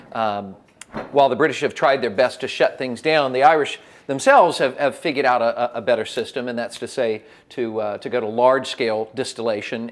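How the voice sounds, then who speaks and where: Lively man lecturing on spirits. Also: mid-range voice. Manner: lively storytelling with small restarts. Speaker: spirits educator. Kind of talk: classroom lecture.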